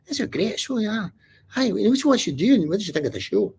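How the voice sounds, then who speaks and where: Man doing a high, gravelly Scottish guy, blunt and chatty, for a talk-show anecdote. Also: very animated, a little fast, slight background noise, exaggerated voice. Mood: enthusiastic. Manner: blunt, understated, swearing casually. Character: chatty Scottish man, middle-aged theatergoer.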